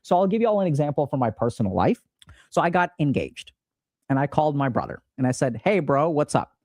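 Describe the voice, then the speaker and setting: Casual explaining man, fairly high voice. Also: very animated, fast talker, a little mellow, no echo, studio quality. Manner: casual, upbeat, acts out quoted dialogue. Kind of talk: explanatory talk to camera.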